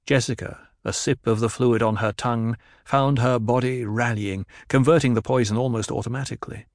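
A man reads a novel aloud in a measured, even way, his voice in the middle range for a man. The recording is close and dry, with no room sound. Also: mid-range voice, no echo. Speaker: narrator. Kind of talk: audiobook narration.

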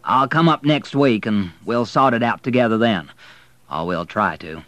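A man's voice: medium pitch, normal speed, a bit bright, dry recording, natural voice. A troubled Texan hotel owner from an audiobook, put on by a man reading. He talks in a Texan accent, preoccupied, trying to sound reassuring and failing. The recording is close and dry. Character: middle-aged Texan hotel owner, worried but folksy.

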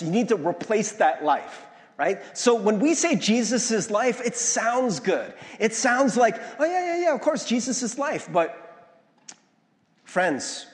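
A male pastor giving a conversational sermon, often checking in with "right?" and acting out the voices he quotes. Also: on the high side. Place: church sanctuary. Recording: long hall reverb.

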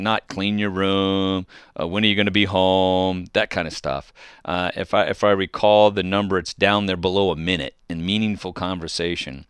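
A man's voice: sits low, pushed and bright, clean tone, dry recording, studio quality. A middle-aged man hosting a call-in radio show on faith, talking earnestly and exhorting listeners, often restarting his phrases.

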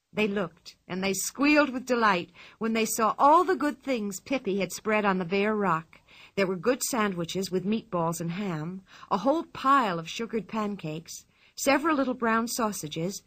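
Bright, lively woman reading a storybook. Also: medium pitch. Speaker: narrator.

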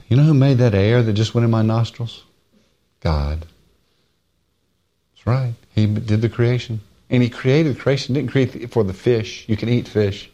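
A male preacher delivers a plainspoken, folksy sermon on Scripture. He leans hard on key phrases, drawing them out slowly. Between those raised, high-pitched stresses he drops into quiet, low asides. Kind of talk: folksy Bible-teaching sermon.

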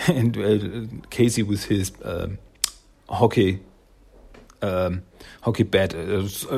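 Low, husky man rambling through a recap. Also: fairly even intonation, slow, pauses often, darkish tone. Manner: rambling, with fillers and frequent chuckles. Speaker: storyteller recapping a cartoon episode. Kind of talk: casual spoken recap.

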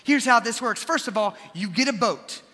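Young man, preacher, sermon, lively folksy storytelling, high bright voice, long hall reverb. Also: moderate pace. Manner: animated storytelling, folksy asides.

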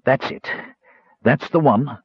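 A man's voice: medium pitch, takes it slowly, slightly rough, no echo, lo-fi sound, pitched above the performer's own voice. A man voicing a beaten, loyal old soldier who speaks weakly and falteringly. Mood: weary. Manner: weak, gasping, faltering.

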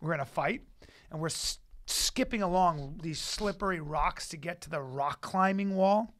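A man tells stories in a loose, animated way, dropping to a low mutter for asides. His voice sits high and has a bright, forceful edge. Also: normal speed. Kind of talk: casual storytelling chat.

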